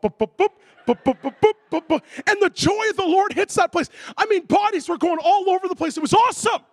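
A man preaching a sermon, telling a comic story with animated delivery and shouted sound effects. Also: very high voice, creaky, dry recording.

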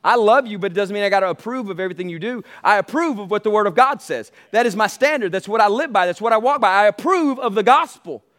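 A man's voice: high voice, lively intonation, quick pace, hardly any pauses, fairly bright tone. A man preaching a sermon as pastor, emphatic and repetitive, calling out to his congregation.

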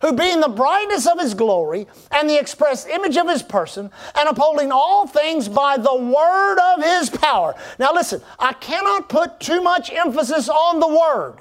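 A man's voice: very high voice, very animated, normal speed, hardly any pauses, fairly bright tone. A man preaching a sermon as pastor, fervent and rousing, asking the congregation to respond.

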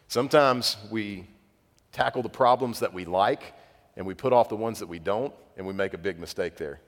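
A man's voice: fairly low pitch, normal speed. Man, pastor, conversational sermon, self-deprecating stories, echoing church hall. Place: church sanctuary. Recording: long reverb of a church hall.

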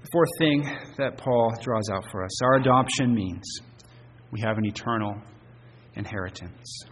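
A man preaching an evening sermon, earnest, with emphatic stresses and phrase endings that drop soft. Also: on the low side, measured pace, in a large hall, slight background noise. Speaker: pastor. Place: church sanctuary.

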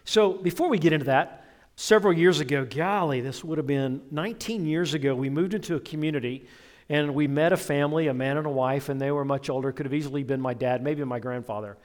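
A man's voice: a little high, fast talker, a little mellow. A middle-aged man preaching a sermon as pastor, telling stories and making asides to his congregation. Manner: conversational storytelling with asides to the congregation.

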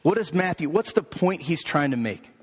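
A pastor with a fairly high voice delivers a rhythmic sermon and builds his points through emphatic repetition. His words ring out with a long hall reverb behind them. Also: animated, normal speed, slightly rough. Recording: echoey hall.

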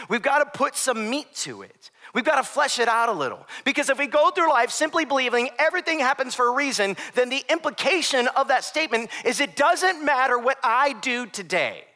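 A man's voice: very high voice, bright, forceful tone. A young adult man preaching a sermon as pastor, conversational with joking asides.

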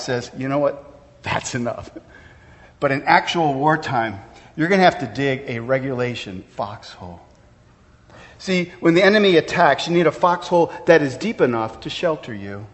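Pastor, man, middle-aged, slightly high voice, earnest sermon delivery with asides, long hall reverb. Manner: earnest preaching with pauses and asides.

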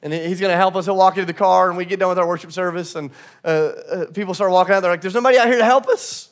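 A man's voice: sits high, level tone, racing. A man preaching a sermon, telling a funny personal story and then rising into a passionate, repeated refrain. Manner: storytelling with humor, building to an impassioned repeated refrain. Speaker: pastor.

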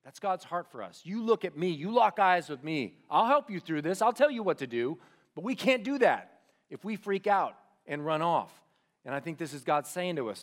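A man preaching to a group of students, reading scripture aloud and talking to them directly with animated, shifting delivery that drops to quiet emphasis. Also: medium pitch, normal speed. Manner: asks the audience questions directly. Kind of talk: sermon.

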